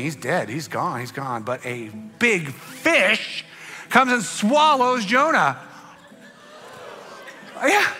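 A man preaching a sermon, telling a story dramatically and swinging between loud bursts and hushed lines. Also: fairly high pitch. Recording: long hall reverb with faint music.

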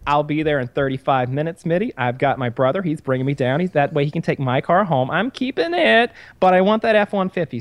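A man's voice: a little high, no room sound, close to an everyday voice. A man voicing a flirtatious, lisping male car buyer who is sugary and pushy. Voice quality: lispy. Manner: sugary, overeager, insistent.

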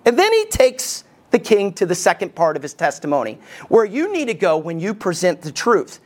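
A man preaching a sermon as lead pastor, animated, often asking the congregation questions. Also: sits high, moderate pace.

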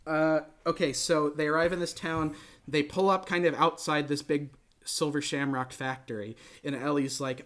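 A man casually recapping a film on a podcast, rambling and animated, dropping into silly voices for the characters. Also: a little high, moderate pace. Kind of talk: casual chat.

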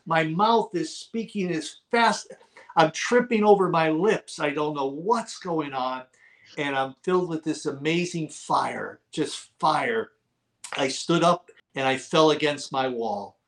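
A middle-aged man tells his testimony as an interview guest, his voice sitting a touch high for a man. He speaks with fervent, storytelling energy and sometimes breaks into shouts as he relives the moment. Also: slow pace. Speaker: guest, author. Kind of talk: testimony in a talk-show interview.

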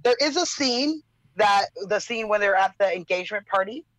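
A man's voice: high voice, lively intonation, normal speed, fairly bright tone, poor audio. A man co-hosting a casual podcast chat, jokey and playful with crude humor.

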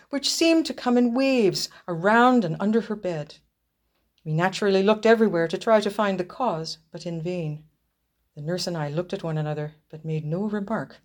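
A woman reading a ghost story aloud in a measured, expressive storytelling manner. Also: mid-range voice. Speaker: reader.

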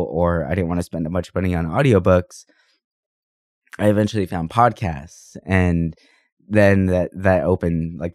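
A man with a very low voice co-hosts a casual podcast while sick. He rambles enthusiastically with plenty of fillers. The recording is dry and close on a podcast mic. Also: a little mellow, dry recording. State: sick, under the weather. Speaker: podcast co-host. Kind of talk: casual chat. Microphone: podcast microphone.

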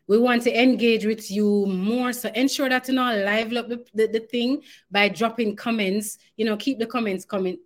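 A woman's voice: on the high side, steady tone, moderate pace, few pauses. Upbeat Jamaican woman hosting a radio show. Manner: upbeat and playful, slipping into patois.

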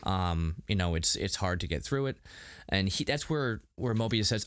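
A man with a fairly low voice chats loosely about an episode, rambling and slipping into quick acted-out quotes. The sound is dry and close, with no room around it. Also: lively intonation, fairly bright tone, no echo. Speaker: podcast co-host reviewing a TV episode. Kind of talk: casual review chat.

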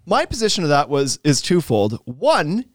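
A man's voice: on the high side, huge pitch swings, normal speed, no room sound, studio quality. A man hosting a podcast in casual chat, joking and ranting with a laugh. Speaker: podcast host.

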